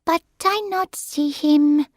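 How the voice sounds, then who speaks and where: A woman's voice: high voice, fairly even intonation, takes it slowly, no echo, studio quality, voice pushed up. A woman voicing a young female carer with a Filipino accent who speaks broken, polite English. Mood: apologetic. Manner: polite, apologetic, simple grammar.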